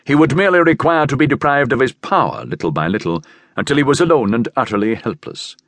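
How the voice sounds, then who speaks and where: A man voicing a calculating man who coolly explains a slow, cruel revenge. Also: medium pitch, expressive, a bit bright, no room sound, voice pushed up. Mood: coolly scheming. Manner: smooth, measured and cold.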